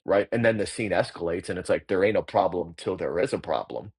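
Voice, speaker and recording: Middle-aged male actor-coach, deep husky voice, blunt and salty, explaining his craft. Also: a little fast, a little mellow. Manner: blunt, profane, emphatic. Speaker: actor and acting coach, guest. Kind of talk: casual interview talk.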